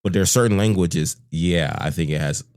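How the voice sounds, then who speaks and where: A man's voice: low-pitched, fairly quick, a little mellow, smooth, dry recording, clean studio sound. A man as a podcast guest, talking in an easygoing, hesitant way with lots of restarts. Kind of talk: casual chat.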